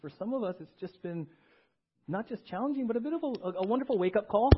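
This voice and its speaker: A man preaching a sermon as pastor in a church, animated, acting out little voices and asking the congregation questions. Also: sits high, quick pace, dull audio, slight background noise. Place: church sanctuary.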